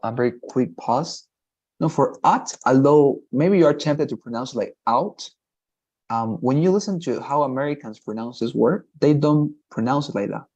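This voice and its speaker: A man's voice: mid-range voice, moderate pace, darkish tone, highs cut off. A man teaching English in a one-on-one lesson, encouraging and patient, often repeating praise.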